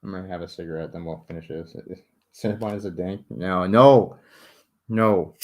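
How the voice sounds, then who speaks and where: Low-voiced joking man streaming late. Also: moderate pace. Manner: joking, self-mocking, swears freely, laughs often. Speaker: livestreamer building a model ship. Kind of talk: casual late-night chat with viewers.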